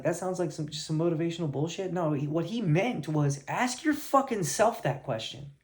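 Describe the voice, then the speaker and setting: A man's voice: on the high side, a little mellow. A man coaching his viewers in a blunt tough-love rant, swearing heavily and fired up. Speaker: life coach.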